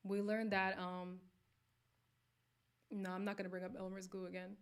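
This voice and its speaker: A woman hosting a live recap stream, chatting casually with viewers and reacting with animated exclamations. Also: mid-range voice, normal speed, smooth.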